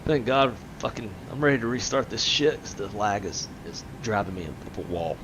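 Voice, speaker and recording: A man's voice: on the low side, lively intonation, moderate pace, noisy background. A man hosting a flight simulator stream, chatting casually with his co-pilot, swearing freely and laughing often. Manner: loose, profane, laughs often. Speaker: flight sim streamer and host. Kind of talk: casual gaming chat.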